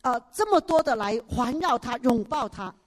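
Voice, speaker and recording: A woman interpreting a sermon line by line, following the preacher's lively tone, in a church hall. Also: fairly high pitch, moderate pace. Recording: echoey hall with long reverb.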